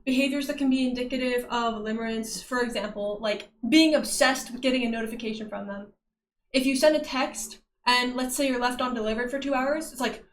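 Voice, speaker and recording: Chatty high-voiced young woman streamer. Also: brisk, roomy sound, slight background noise. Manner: chatty, laughs often, greets chat warmly. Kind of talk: casual livestream chat reading viewer messages.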